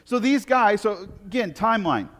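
A man's voice: high voice, normal speed. Man preaching in a reverberant hall. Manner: animated retelling with frequent restarts and stammered repeats. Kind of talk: storytelling sermon.

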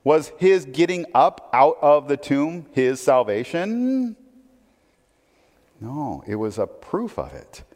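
A man's voice: on the high side, big pitch swings, takes it slowly, a little mellow, in a large hall. A man preaching a sermon in a conversational way, asking his listeners rhetorical questions. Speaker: pastor.

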